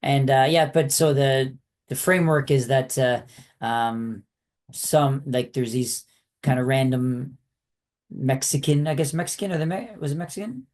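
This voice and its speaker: Rambling, halting man co-hosting a podcast. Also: medium pitch, darkish tone. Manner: rambling, halting, lots of 'right?' tags. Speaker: podcast co-host. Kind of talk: casual film chat.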